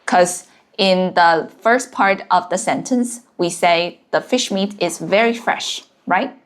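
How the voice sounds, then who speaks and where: This is a woman teaching Chinese as a native speaker, her voice on the low side and her pace slow. She walks through the lesson step by step, counting every stroke of each character.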